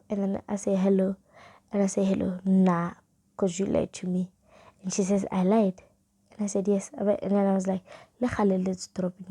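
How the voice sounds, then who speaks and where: This young South African vlogger, with a South African accent, has a medium-pitched voice that's creaky and husky. She casually tells a storytime and half-whispers old chat messages aloud.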